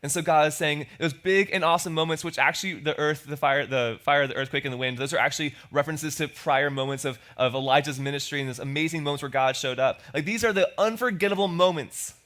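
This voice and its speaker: A man's voice: on the high side, fast, few pauses, a bit bright. Conversational male pastor preaching. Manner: conversational, acts out quoted lines. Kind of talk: sermon. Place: church.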